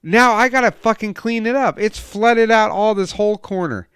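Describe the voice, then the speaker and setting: Profane, animated man telling a story. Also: normal speed, smooth, no room sound, studio quality. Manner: profane, animated storytelling, acts out quotes with loud raised pitch. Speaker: podcast co-host. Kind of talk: casual chat, storytelling.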